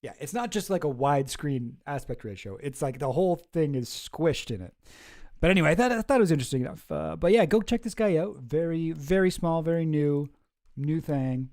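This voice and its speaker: A man's voice: fairly high pitch, expressive, normal speed, darkish tone. A man hosting a casual livestream, rambling and chuckling as he reacts to chat. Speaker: streamer host.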